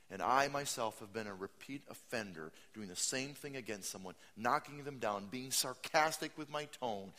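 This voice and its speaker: Male pastor, thirties, animated sermon delivery with a bright, forceful tone and sudden high mocking asides. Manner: animated, mocking voices in high pitch, swings loud and soft.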